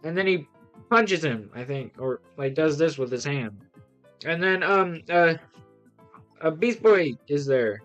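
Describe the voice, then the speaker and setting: A man's voice: fairly high pitch, expressive, a little slow, a bit bright, muffled recording, faint music behind. A man casually reviewing comics on a livestream, rambling through plot recaps with lots of fillers and giving blunt, scornful verdicts.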